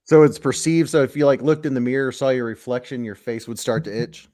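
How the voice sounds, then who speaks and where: Co-host, man, mid-pitched, chatty, curious questions. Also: mellow. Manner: chatty, asks questions, quick to laugh. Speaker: livestream co-host. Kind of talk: casual chat.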